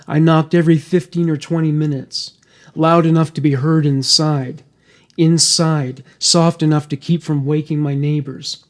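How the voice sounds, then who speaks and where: Guy narrating a true crime tale, even scripted read, voice sits a bit high.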